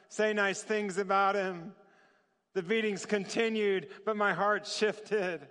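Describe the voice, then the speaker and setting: Bright-voiced man preaching in a hall. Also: sits high, smooth. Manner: animated, acts out dialogue with laughter. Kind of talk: sermon storytelling. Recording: long reverb of a large hall.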